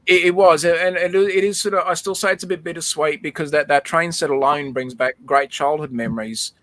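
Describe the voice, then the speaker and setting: A man's voice: a little high, steady tone, fairly quick, a bit bright, no echo. A man hosting a livestream, telling a personal memory in casual chat and often repeating words. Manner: emotional storytelling, repeats words. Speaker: livestream host.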